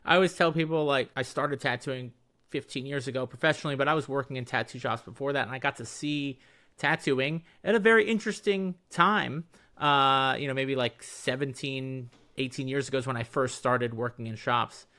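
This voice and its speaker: Bright-voiced man hosting an interview. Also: medium pitch, a little fast. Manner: eager, probing questions with lots of "like". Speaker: podcast host. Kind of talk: casual podcast interview.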